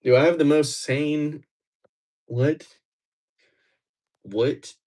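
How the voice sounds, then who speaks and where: A man hosting a casual livestream, playfully teasing his viewers and quickly getting worked up as he chats with them. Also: fairly high pitch, steady tone, a little mellow.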